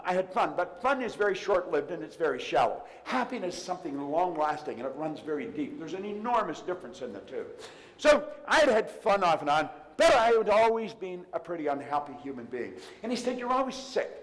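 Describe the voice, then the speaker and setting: An older man delivers a motivational seminar talk. He speaks emphatically, telling stories and retelling dialogue. His voice sits slightly high and rings out with a long hall reverb. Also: animated, fairly quick. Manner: emphatic, storytelling with retold dialogue. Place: large room before a live audience.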